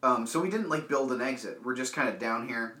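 A man's voice: mid-range voice, fairly quick, bright, forceful tone. A man co-hosting a podcast who reads out listener questions and riffs playfully in casual comedic chat. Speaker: podcast co-host. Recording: roomy echo.

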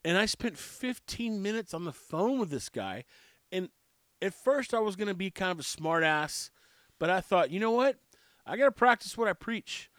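A man's voice: high voice, animated, normal speed, a bit bright, no room sound, studio quality. A man with stuffy sinuses who owns a barbecue restaurant, telling stories in a casual monologue and acting out both sides of conversations. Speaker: barbecue restaurant and brewery owner.

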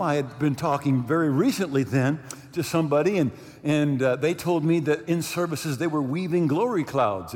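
Male pastor, high and animated voice, chatty storytelling sermon, long church-hall reverb. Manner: storytelling, animated, many restarts and asides to the congregation. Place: church sanctuary.

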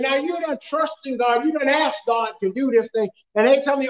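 A man with a high voice preaches a sermon, mixing funny stories and laughter with shouted questions to his congregation. The sound is roomy and a little muffled, as if taken from the back of a church. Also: fairly quick, few pauses. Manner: storytelling, humorous, laughs often. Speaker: pastor.

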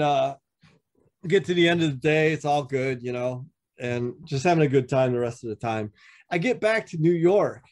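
A man, a veteran motorcycle club member on a podcast, telling stories casually, swearing often and acting out what others said. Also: darkish tone. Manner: profane, acts out quoted dialogue with shifting pitch. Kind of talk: casual storytelling.

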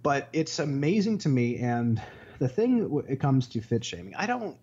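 A man's voice: medium pitch, very animated, a little mellow, slightly rough, lo-fi sound. A man co-hosting a casual podcast, ranting with lots of swearing and mocking impressions of other people. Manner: profane, fast ranting with mocking quoted voices. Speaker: podcast co-host.

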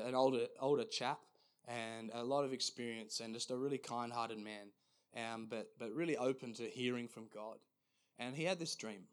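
Male pastor, mid-range voice, earnest sermon with halting restarts. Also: medium pitch.

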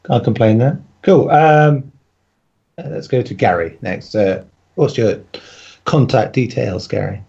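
Host, man, gravelly husky voice, easygoing casual chat, lo-fi. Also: mid-range voice, measured pace, darkish tone. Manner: laughs often, easygoing. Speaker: podcast host. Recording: dull lo-fi audio.

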